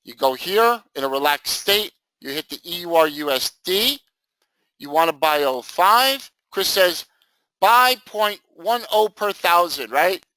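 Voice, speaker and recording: An upbeat man runs a live trading lesson in a high, bright voice. He talks loosely and jokes, often acting out what his students might say. The sound is dry and close. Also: a little slow, dry recording, rough recording. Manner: animated, jokey, acts out students' reactions. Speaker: trading instructor. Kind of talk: live screen-share training session.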